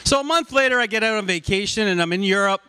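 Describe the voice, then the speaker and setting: A middle-aged coach delivers a jokey awards-night speech, acting out the dialogue in his stories. His voice is very high for a man and sharp, bright and forceful. It rings through a reverberant banquet hall, picked up from some distance off the microphone. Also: fast. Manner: jokey storyteller, acts out dialogue. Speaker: football coach giving an induction speech. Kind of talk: humorous after-dinner speech with anecdotes. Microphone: corded microphone.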